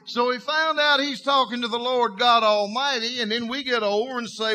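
High, bright-voiced folksy preacher. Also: male voice, fairly even intonation, normal speed. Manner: folksy, emphatic storytelling. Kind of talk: sermon.

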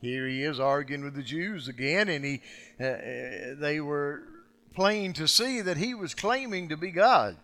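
Bright-voiced preacher man. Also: on the high side, a little slow. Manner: dramatic, acts out quoted speech with big swings from loud to hushed. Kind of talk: sermon.

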